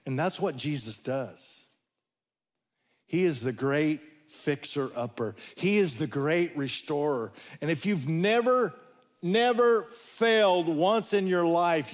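Folksy male preacher with a slightly high voice. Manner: storytelling, folksy humor, dramatic pauses. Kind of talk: sermon.

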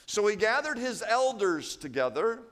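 A man's voice: high voice, sing-song, moderate pace, fairly bright tone. A man preaching a sermon, telling a story with emphatic, building repetition and sounding out of breath.

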